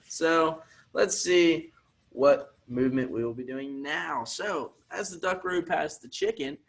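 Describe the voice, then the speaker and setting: Male PE teacher, slightly high voice, reads a storybook aloud and cheers kids on between activities. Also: gravelly, a bit bright. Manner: upbeat, encouraging, coaching children through activities. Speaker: physical education teacher. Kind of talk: reading a picture book aloud with movement breaks.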